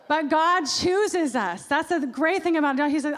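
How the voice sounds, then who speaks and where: A woman pastor giving a sermon in a church, lively and acting out the voices she quotes. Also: sits high, normal speed, few pauses. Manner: animated, acts out quoted voices. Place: church sanctuary. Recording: long reverb of a large hall.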